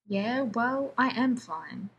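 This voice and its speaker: A woman's voice: a little high, lively intonation, highs cut off, a little hiss or hum. Woman reading as an anxious, sarcastic male scientist. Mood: nervous rambling. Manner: rapid, rambling, sarcastic. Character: anxious, prickly male scientist defusing a bomb.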